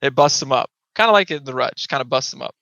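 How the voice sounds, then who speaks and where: A man's voice: mid-range voice, fast, creaky, dry recording. A man, a guest on a podcast, telling a hunting story casually and acting out voices and sounds. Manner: animated, acts out voices and sounds. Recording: dull lo-fi podcast audio.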